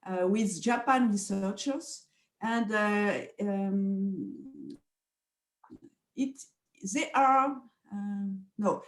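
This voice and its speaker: Slow French-accented woman, echoey room. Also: medium pitch, very animated. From France. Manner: hesitant, many fillers, soft laughs. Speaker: guest psychoanalyst and researcher. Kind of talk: interview answers in English.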